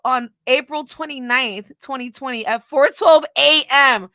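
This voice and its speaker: A woman's voice: high voice, unhurried, few pauses, pushed and bright, no echo, studio quality. A woman vlogger telling a story in casual talk, reading old messages aloud in a blunt, profane, scornful way.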